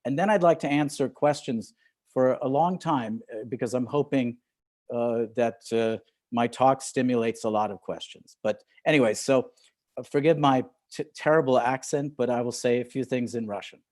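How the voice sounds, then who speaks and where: A man's voice: mid-range voice, moderate pace, darkish tone. An older man, a film director, addressing an audience over a video call, hesitant, with frequent fillers, restarts and chuckles. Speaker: film director, guest speaker. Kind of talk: relaxed talk on a video call.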